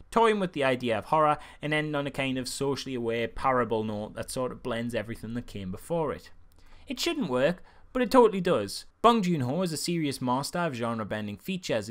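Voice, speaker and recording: A young man reviewing a film in a casual, comic way, with sarcastic, animated asides. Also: mid-range voice.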